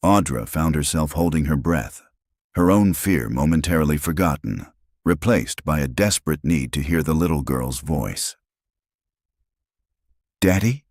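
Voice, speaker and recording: A man with an extremely deep voice narrates a scripted story in a dramatic, suspenseful way. His pitch rises and falls a lot, and the sound is dry and close to the mic. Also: lively intonation, normal speed, dry recording.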